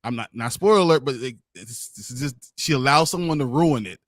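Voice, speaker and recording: A man co-hosting a casual live movie review show, talking in an exasperated, animated way. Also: mid-range voice, fairly quick, no echo, studio quality. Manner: animated, exasperated, swears and laughs often. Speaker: podcast co-host.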